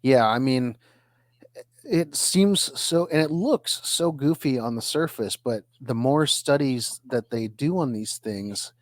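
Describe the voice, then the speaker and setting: A man from the United States co-hosting a podcast. He talks in an animated way, with quick asides and the odd casual swear. His voice is mid-pitched, and the sound is close and dry. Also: no echo. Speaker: podcast co-host. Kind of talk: casual chat.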